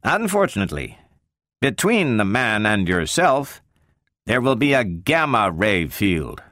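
A man reading the part of a brisk male scientist who questions a robot in a probing, sometimes sharp way. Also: on the low side, very animated, no echo, clean studio sound.

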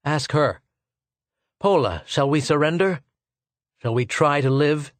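A man's voice: fairly high pitch, measured pace, no echo, voice pushed up, natural voice. Audiobook figure: a proud, despairing archaeologist, urgent and pressing, read by a male narrator. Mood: grim. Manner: urgent, demanding questions.

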